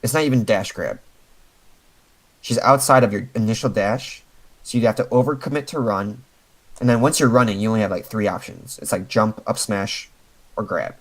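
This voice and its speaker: A man's voice: lowish voice, normal speed, rough recording. A man coaching a player over a voice call, patiently explaining step by step with lots of fillers. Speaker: game coach.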